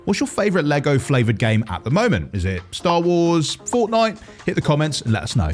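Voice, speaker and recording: Jokey man with animated delivery. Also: on the high side, fairly quick. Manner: jokey, playful asides. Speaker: co-host of a gaming news show. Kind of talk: scripted game news presenting with jokes. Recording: faint music behind.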